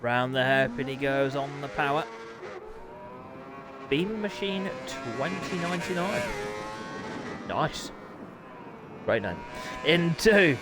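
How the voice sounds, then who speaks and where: A middle-aged man, hosting and commentating a motorbike racing game live, excitable and quick to break into shouts and laughter. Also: fairly high pitch. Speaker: gaming channel host and race commentator.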